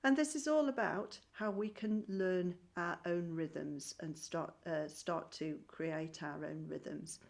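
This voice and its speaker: Woman, music teacher, unhurried, patient, encouraging, online lesson. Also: lowish voice, gravelly. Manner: claps and chants rhythm syllables. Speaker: primary school music teacher. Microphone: screen-shared video call.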